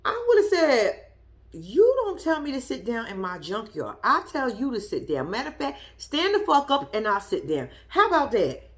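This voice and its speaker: A woman's voice: fairly high pitch, wildly swooping pitch, normal speed. A woman giving blunt, profane reaction commentary on a reality show, talking straight at the people in it with sass and disbelief. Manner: blunt, profane, sassy, argues at the people she discusses. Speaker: show reviewer.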